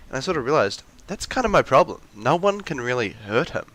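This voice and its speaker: A man's voice: mid-range voice, very animated, fast talker, few pauses, a bit bright, a little hiss or hum. A young man in a ranty, rambling monologue, full of restarts and fillers, with mocking acted-out quotes of characters. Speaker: video essayist.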